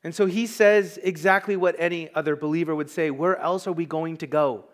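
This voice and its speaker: A man's voice: on the high side, brisk. A man preaching a sermon as pastor, emphatic and conversational, with asides to the congregation.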